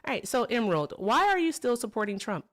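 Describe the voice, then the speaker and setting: Quick and sing-song, her fairly high voice carries the casual chat of a live political call-in stream she hosts. She greets viewers and callers with chatty, upbeat warmth and says "y'all."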